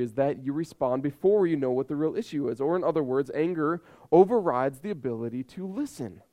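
A man's voice: a little high, a little mellow. A man in his thirties preaching a sermon with emphatic repetition and rhetorical questions. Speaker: pastor.

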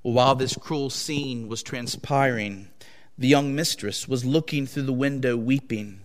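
A male preacher telling a dramatic story in a sermon, in a solemn, weighty manner. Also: medium pitch. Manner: slow, solemn and dramatic reading. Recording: long echo of a large hall.

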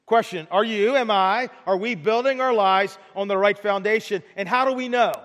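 A man with a high voice preaches a sermon, repeating words as he restarts and throwing rhetorical questions at the congregation. His voice carries a long reverb, as in a large hall. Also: normal speed, fairly bright tone. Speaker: pastor.

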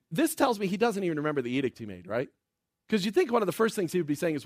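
A man preaches with a bright, high-pitched voice that swoops up and down as he retells a scripture story. He drops in playful character bits and jokes along the way. The sound is dry, with no room echo. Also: sing-song. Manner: playful, acts out the characters in quick asides. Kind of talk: animated sermon retelling a Bible story.

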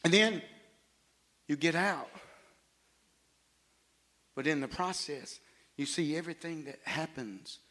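A man preaching, telling his testimony as an excitable storyteller who rises to near shouts. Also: on the high side, takes it slowly, long pauses. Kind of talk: animated sermon testimony.

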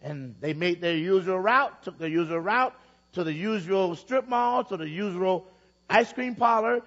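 A man's voice: sits high, animated, unhurried, a bit bright, long reverb tail, highs cut off. A man preaching a sermon in a church, telling a story and repeating his phrases to build emphasis. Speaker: pastor.

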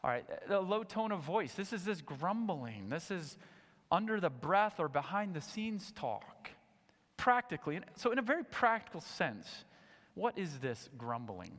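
High-voiced preacher in a reverberant hall. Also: male voice, a little slow. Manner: animated, swings between loud emphatic points and low quiet asides. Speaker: pastor. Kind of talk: sermon. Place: church sanctuary.

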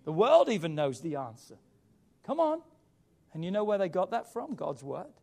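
A man preaching a sermon as pastor, with emphatic rises and quiet drops. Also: high voice, big pitch swings, moderate pace, creaky.

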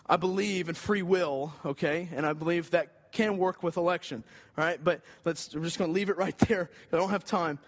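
A man's voice: on the high side, moderate pace. A man preaching a sermon in an earnest, conversational way, rising for emphasis. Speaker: pastor.

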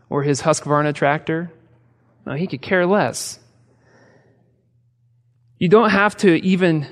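A man preaching in a conversational way, leaning on rhetorical questions and light humor. His voice sits a little high for a man. The sound carries a long reverb, as in a church sanctuary. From American Midwest. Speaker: pastor. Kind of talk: sermon. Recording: reverberant hall.

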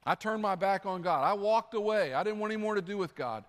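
High-voiced pastor preaching in a hall. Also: male voice, fast talker. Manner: animated storytelling with acted-out quotes. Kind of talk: sermon. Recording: long hall reverb.

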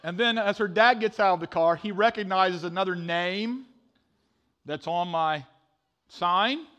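A middle-aged man preaching a sermon, telling a funny story with animated swings from loud to hushed. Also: high-pitched, measured pace, highs cut off. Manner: animated storytelling, sudden drops to a hush. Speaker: pastor.

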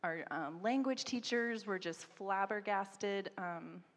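A missionary woman in her thirties telling a story, animated and laughing often, mimicking people in a higher voice. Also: slow. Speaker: missionary guest. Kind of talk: storytelling in a church interview. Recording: long hall reverb.

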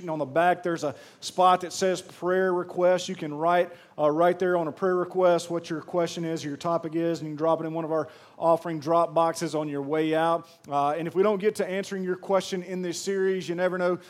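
A man from Mississippi with a Southern accent, a pastor preaching a sermon in a chatty, joking way and talking straight to the congregation. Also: high voice. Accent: Southern American. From Pearl, Mississippi. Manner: jokey, chatty, addresses the crowd directly.

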